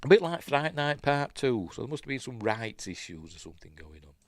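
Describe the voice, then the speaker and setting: A man's voice: medium pitch, very animated, brisk, dry recording, studio quality. An older man with a Yorkshire accent, hosting a podcast in casual rambling chat, laughing often and trailing off as he looks things up. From Yorkshire, England. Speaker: podcast host.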